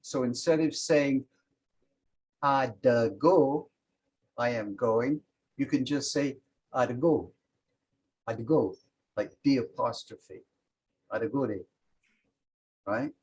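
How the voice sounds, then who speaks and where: A man's voice: medium pitch, slow pace, pauses often, a little mellow, low-quality recording. A man teaching a language class, patiently explaining grammar and demonstrating example phrases aloud.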